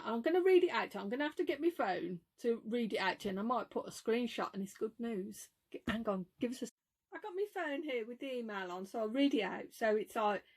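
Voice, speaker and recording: A middle-aged woman with a Brummie accent tells a story to her vlog camera in an animated way. Her voice sits high and swoops up and down as she acts out both sides of each phone call, with laughs along the way. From Birmingham, England. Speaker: vlogger. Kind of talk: casual chat storytelling.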